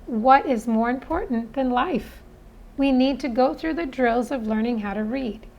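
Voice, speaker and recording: Woman phonics teacher, higher voice, slow earnest delivery. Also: creaky, a little mellow, poor audio. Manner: earnest, persuasive. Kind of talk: spoken lesson.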